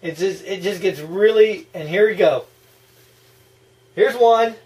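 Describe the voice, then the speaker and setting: A man giving casual, excitable movie reaction commentary, gushing and breaking into laughs and yells. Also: high-pitched, unhurried.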